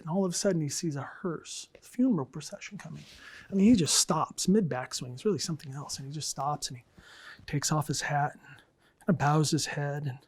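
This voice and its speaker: A man's voice: fairly high pitch, a little mellow. A middle-aged man, a college English professor, telling bad jokes in a dry, unbothered way with plenty of ums and uhs. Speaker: English professor and department chair. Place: college setting.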